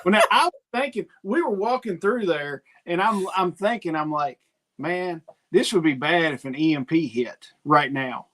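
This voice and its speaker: A man's voice: fairly high pitch, lively intonation, moderate pace, a bit bright. A man chatting casually on a livestream, laid-back and rambling as he thinks aloud.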